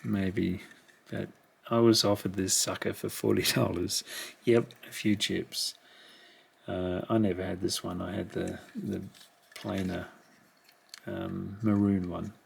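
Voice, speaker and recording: A middle-aged man unboxing a collection, musing quietly, half to himself, in a room at home. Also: low voice, level tone, slow, vocal fry, breathy edge. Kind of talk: casual unboxing commentary. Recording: rustling packaging noise behind.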